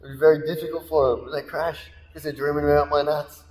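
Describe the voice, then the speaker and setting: A man's voice: a little high, level tone, fast, darkish tone. A man, rambling through crude stories as a podcast co-host and laughing often. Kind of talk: crude casual chat. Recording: echoey room with long reverb, faint ambience.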